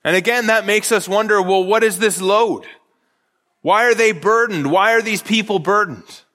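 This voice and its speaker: Male pastor, high bright voice, earnest sermon with repeated restarts, long hall reverb. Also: moderate pace.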